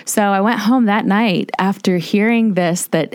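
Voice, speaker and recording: A woman's voice: mid-range voice, measured pace, hardly any pauses, a little mellow, clean tone, dry recording, clean studio sound. A woman in her fifties, a guest in an interview, telling a personal story earnestly and acting out the voices of people she quotes. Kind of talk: personal testimony in a podcast interview.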